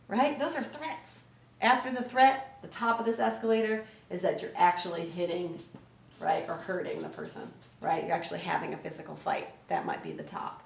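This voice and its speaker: Brief woman trainer, lively classroom delivery, quizzes listeners, roomy echo, mic set back. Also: mid-range voice, a little fast, creaky. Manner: energetic, asks questions, tags "right?". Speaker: conflict resolution trainer. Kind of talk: teaching lesson to children. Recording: echoey room, mic at a distance.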